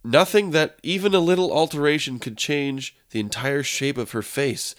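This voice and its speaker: A man co-hosting a comedy podcast, trading crude jokes deadpan and slipping into silly voices. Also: on the high side, moderate pace. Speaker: podcast co-host.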